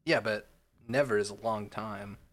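A man's voice: fairly low pitch, moderate pace, a bit bright. A man co-hosting a comedy podcast, chatting in a laid-back, teasing way. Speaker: podcast co-host. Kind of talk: casual comedy podcast chat. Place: home setup, apart from co-host.

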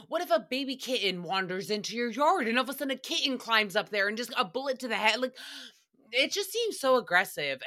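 A woman's voice: fairly high pitch, pushed and bright. A woman hosting a casual solo podcast, recapping another show in a sassy, chatty way, swearing freely and mocking the people she quotes.

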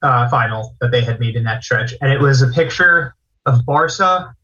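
A man, recorded a little dull and lo-fi, at a middle pitch. He chats on a podcast, telling animated stories with casual swearing. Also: moderate pace. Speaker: podcast co-host. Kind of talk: casual chat.

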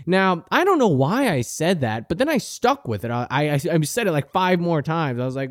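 A man's voice: fairly high pitch, sing-song, normal speed, few pauses, no echo, clean studio sound. A young man hosting a podcast, telling a profane comic story, crude and indignant. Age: young adult. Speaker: podcast host. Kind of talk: comedic storytelling monologue.

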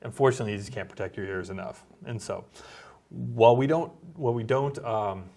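A man, a doctor co-hosting a casual medical chat, talking in a relaxed, halting way with many fillers. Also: on the low side, gravelly. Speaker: doctor and co-host.

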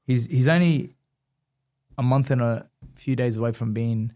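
Man, 30s, animated storyteller, mid-range voice, casual interview guest. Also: mid-range voice, unhurried. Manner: animated storyteller, acts out dialogue. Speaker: guest, former boxer.

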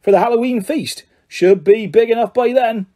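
A man's voice: very high-pitched, moderate pace, dark tone, voice pushed up. A man voicing a huge, good-natured gamekeeper with a hearty, boisterous manner.

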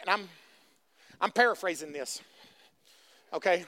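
A pastor preaching a fervent sermon, calling out to his congregation and swinging between hushed passages and shouts. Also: very high-pitched, animated, normal speed, pauses often. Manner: fervent preaching with call-and-response.

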